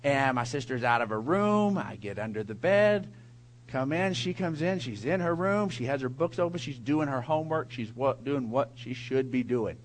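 A middle-aged man preaching a sermon, telling a lively personal story before building to emphatic preaching. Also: mid-range voice, moderate pace, a little hiss or hum, low-quality recording. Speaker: pastor.

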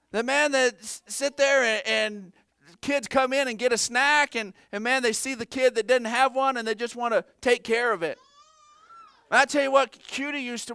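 A middle-aged male pastor preaching a sermon in a church, animated and joking with the congregation between points. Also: very high voice, clean tone, no echo, studio quality. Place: church sanctuary.

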